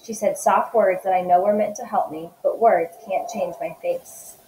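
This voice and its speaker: A woman teacher reading a children's novel aloud in a calm, steady way. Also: mid-range voice, moderate pace, a little hiss or hum. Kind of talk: read-aloud book narration. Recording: echoey room.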